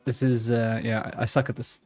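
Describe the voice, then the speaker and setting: A man giving loose, muttered commentary over his own live game stream, thinking out loud and cursing under his breath. His voice sits at an ordinary middle pitch, with faint music playing behind him. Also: level tone, fairly quick. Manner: mutters to himself, swears when frustrated.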